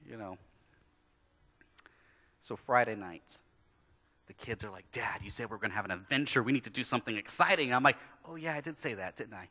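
A pastor preaching a sermon, telling a story about his kids and acting out their lines in lively storytelling. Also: mid-range voice, a little fast, long pauses. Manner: animated storytelling, acting out his kids' voices. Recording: long hall reverb.

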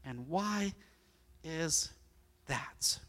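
A man preaching a sermon as pastor, animated and acting out the story as he goes. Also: on the high side, extremely slow. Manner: animated, acts out the story in voices.

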